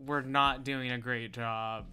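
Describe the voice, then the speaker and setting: Deep-voiced woman gaming stream chat, bright sharp tone, laid back, laughs a lot. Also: takes it slowly, soft background music. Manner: relaxed, chatty, laughs often, muttering at the game. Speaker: streamer co-host.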